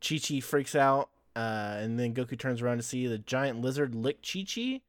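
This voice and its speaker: A man's voice: medium pitch, lively intonation, moderate pace, dry recording. A man hosting a podcast, casually recapping episodes and laughing often as he tells the story. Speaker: podcast host.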